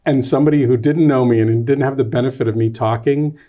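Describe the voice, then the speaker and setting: A man being interviewed as a guest author and playwright. He is a lively storyteller who rambles, backs up and restarts. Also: medium pitch, fast talker. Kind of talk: casual interview.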